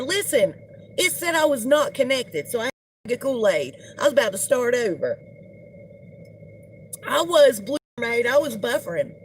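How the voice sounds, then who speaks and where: A woman's voice: fairly high pitch, husky. A middle-aged woman, hosting a casual live-stream gossip chat and greeting viewers as she talks. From United States. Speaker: livestream host.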